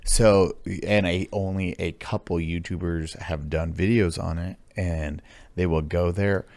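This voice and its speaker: A man hosting a podcast in casual chat, telling rambling, animated stories and swearing freely. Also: deep voice, a little slow, no echo. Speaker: podcast host.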